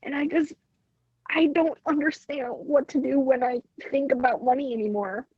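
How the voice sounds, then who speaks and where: A woman calling in from a separate room at work, emotional and halting as she speaks. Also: sits high, steady tone, dry recording, lo-fi sound. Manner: halting, hesitant. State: emotional, near tears. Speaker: caller.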